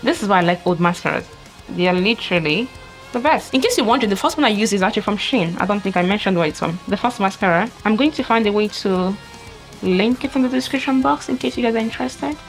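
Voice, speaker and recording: A woman's voice: medium pitch, lively intonation, quick pace, faint music behind. A woman vlogger talking through a mascara tutorial step by step, chatty and exclaiming often. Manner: chatty, narrates each step with frequent exclamations. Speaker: makeup vlogger. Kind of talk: casual makeup tutorial.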